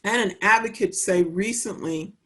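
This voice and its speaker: A woman who manages child welfare work, guest in a conversational interview, speaking in a measured, earnest way and repeating phrases for emphasis. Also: medium pitch, a bit bright.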